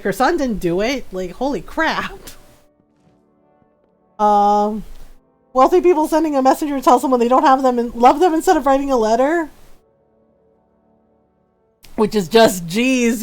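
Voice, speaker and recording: A woman streaming a video game, chatting casually, laughing often and acting out characters in playful voices. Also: on the high side. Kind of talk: casual gameplay commentary.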